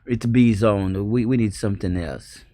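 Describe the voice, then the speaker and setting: A man brainstorming brand names, halting and insistent, repeating his words. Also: fairly low pitch, dark tone. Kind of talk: brainstorming chat.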